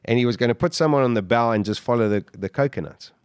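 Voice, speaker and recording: A man, a podcast guest, telling his survival story in an animated way, full of restarts and repeated words. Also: mid-range voice, quick pace, clean tone, no echo, clean studio sound. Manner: vivid, animated retelling with restarts. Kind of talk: interview storytelling.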